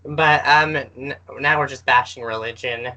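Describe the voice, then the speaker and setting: Bright-voiced self-deprecating woman co-host. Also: extremely low pitch, fairly even intonation, a little slow, low-quality recording. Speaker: podcast co-host. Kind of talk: casual podcast chat.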